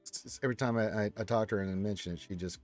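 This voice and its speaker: A man's voice: fairly low pitch, very fast, darkish tone, faint music behind. A man hosting a casual live stream, reading viewer comments aloud and chatting back from a room full of action figures.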